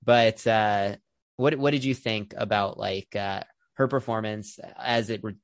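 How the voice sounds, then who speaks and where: A man's voice: lowish voice, fairly even intonation, a little slow, dry recording, clean studio sound. A man hosting a film podcast, chatting casually with plenty of fillers. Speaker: podcast host. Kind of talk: casual film review chat.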